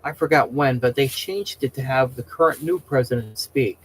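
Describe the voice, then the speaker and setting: Man, middle-aged, casual rambling host chat, opinionated, stammering restarts, mid-pitched voice. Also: normal speed, slightly rough, low-quality recording. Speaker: host chatting with viewers.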